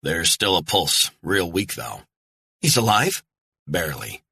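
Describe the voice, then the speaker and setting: A man voicing a cold male covert operative in a calm, clipped American accent. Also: deep voice, unhurried, slightly rough, heavily acted.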